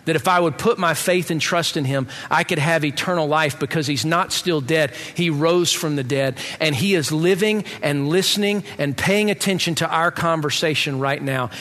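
A middle-aged man giving a personal testimony in an animated, comic storytelling manner. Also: on the high side. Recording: reverberant hall.

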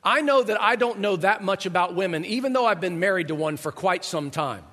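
With lively intonation and a slightly fast pace, a middle-aged man delivers a sermon, talking conversationally and posing rhetorical questions to the congregation. His high voice has a sharp edge, and the recording echoes with long hall reverb.

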